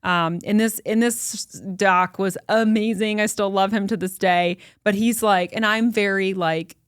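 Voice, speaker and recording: A young woman talks animatedly into a close, dry mic, her pitch sitting mid-range for a woman. She tells a personal story loosely, with plenty of fillers and quoted asides. It sounds like a relaxed podcast conversation. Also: unhurried, smooth, no room sound. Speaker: podcast host. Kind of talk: casual conversation.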